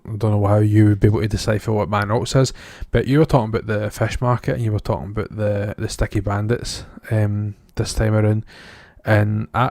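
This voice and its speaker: A Scottish podcast co-host chats loosely about a film, rambling and self-deprecating and laughing often. His voice is on the low side, creaky and darkish, recorded at studio quality with no room sound.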